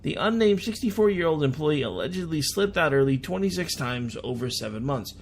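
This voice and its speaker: An American man hosting a radio show, reading international news aloud and breaking off into sarcastic, self-deprecating asides with halting restarts. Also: fairly high pitch, lively intonation, vocal fry, slight background noise. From United States. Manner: reads news then adds chatty sarcastic asides. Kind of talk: casual news commentary.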